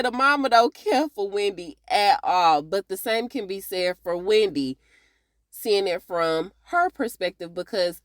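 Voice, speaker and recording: A woman's voice: medium pitch, lively intonation, unhurried, dry recording, clean studio sound. A woman giving a casual, chatty TV episode recap, talking straight to her viewers. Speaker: TV recap reviewer.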